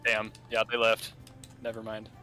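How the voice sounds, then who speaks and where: A man's voice: lowish voice, completely flat delivery, normal speed, bright, forceful tone, faint music behind. A man joining a casual gaming stream and trading laid-back jokes with the host.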